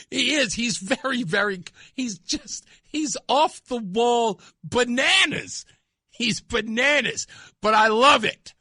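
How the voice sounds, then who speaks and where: A male talk radio host riffing excitedly and laughing often between points. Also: extremely high pitch, takes it slowly, no echo, clean studio sound. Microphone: studio microphone.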